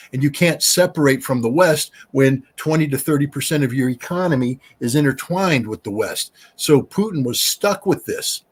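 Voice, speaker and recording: A man's voice: mid-range voice, breathy edge. An American man, a guest expert on a podcast, answering questions bluntly and emphatically at length. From United States.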